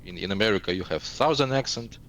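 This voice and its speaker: A man's voice: fairly low pitch, expressive, fast, a bit bright, rough recording. A man in his thirties from eastern Ukraine, speaking as an interview guest and searching for words in English. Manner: searching for words in a second language. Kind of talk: casual interview talk.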